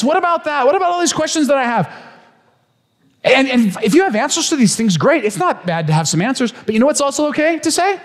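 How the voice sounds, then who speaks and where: High-voiced pastor preaching in a reverberant hall. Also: male voice. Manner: emphatic preaching with rhetorical questions. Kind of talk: sermon. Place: church sanctuary.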